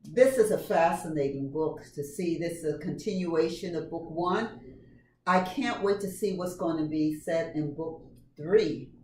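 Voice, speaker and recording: A woman's voice: low-pitched, a little slow, a little mellow, slight background noise. A woman interviewing an author, prompting him with questions and short affirmations. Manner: encouraging, frequent short affirmations. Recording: roomy, distant mic, faint ambience.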